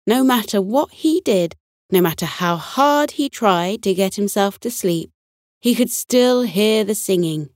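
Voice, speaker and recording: Slow, soothing female storyteller. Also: mid-range voice, dry recording, studio quality. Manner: soothing, unhurried and expressive. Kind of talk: scripted bedtime story narration.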